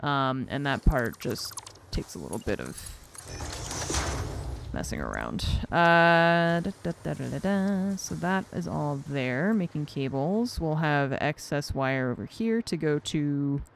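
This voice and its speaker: Young woman, streamer, slow and deliberate, thinking aloud, flustered, self-mocking. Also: sits low, big pitch swings, gravelly, slight background noise. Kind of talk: casual gameplay commentary.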